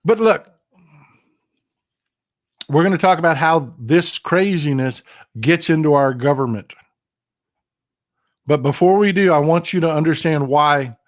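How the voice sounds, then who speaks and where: A man's voice: a little high, a little slow, long pauses. A middle-aged man from Texas hosting a political livestream, talking straight to his viewers in a casual, impassioned and emphatic way. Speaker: political commentary livestream host.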